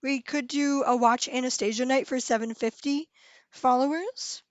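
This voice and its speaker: A woman's voice: sits high, fairly even intonation, normal speed, no room sound. A young woman hosting a casual live stream, chatting with her viewers, reading their messages aloud and giggling often.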